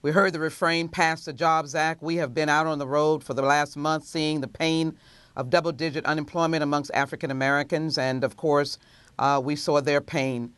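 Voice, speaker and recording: A woman legislator gives a measured television interview answer, pausing often to gather her words. Her voice is recorded close and dry, with no room sound at all. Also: deep voice, steady tone, clean tone, no echo. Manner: measured, many filler pauses. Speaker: congresswoman.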